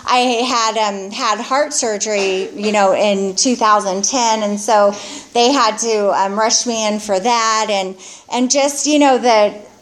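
Candid middle-aged woman's rambling testimony. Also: medium pitch. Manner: candid, rambling, halting confessional talk. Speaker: recovering alcoholic sharing her story. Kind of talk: personal testimony.

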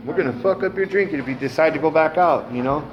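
A man's voice: on the high side, fast, muffled recording, slight background noise. A middle-aged man giving a casual, salty personal testimony at a recovery meeting, peppered with "man" and "um". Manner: casual, frequent "man" and "um", cusses freely.

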